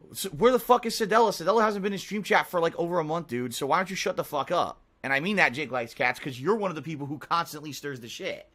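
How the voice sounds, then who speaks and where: A man's voice: a little high, fast talker, few pauses, a bit bright. A man live-streaming and talking to his chat, ranting heatedly with a lot of swearing. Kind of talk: unscripted stream talk to chat.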